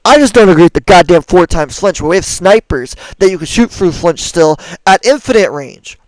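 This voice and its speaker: Young male streamer, exasperated profane rant, clear voice in a dead room. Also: high voice, lively intonation, brisk, no room sound, low-quality recording. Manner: angry, profane, exasperated ranting. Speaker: gaming streamer. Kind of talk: ranting gameplay commentary.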